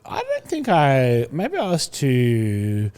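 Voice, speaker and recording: A man's voice: medium pitch, wildly swooping pitch, takes it slowly, a little mellow. A young man, a podcast guest, talking casually and rambling with lots of fillers. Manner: chatty, rambling with many fillers. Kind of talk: casual chat.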